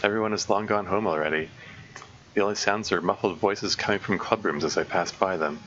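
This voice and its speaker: A man's voice: sits low, fairly quick, fairly bright tone, a little hiss or hum. Man giving casual developer commentary. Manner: casual and self-deprecating, with stammered restarts. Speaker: game mod developer. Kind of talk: let's-play narration and developer commentary. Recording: dull lo-fi sound with music behind.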